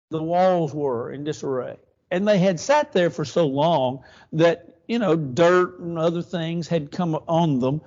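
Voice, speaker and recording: A man's voice: fairly high pitch, a little mellow. Man teaching a church Bible class. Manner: conversational, storytelling, rhetorical questions. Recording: dull lo-fi church recording.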